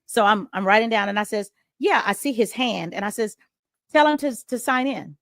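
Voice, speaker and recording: A middle-aged woman, a radio host, telling a story in an interview and acting out the dialogue with big jumps in pitch. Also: lively intonation, normal speed, vocal fry, fairly bright tone, no room sound, studio quality. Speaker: radio host and podcast guest.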